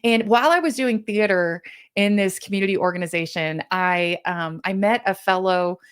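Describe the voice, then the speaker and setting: A woman's voice: medium pitch, normal speed, clean tone. A woman from Kansas hosting a motivational podcast, telling stories in an earnest, encouraging way with frequent restarts. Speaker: podcast host and business coach.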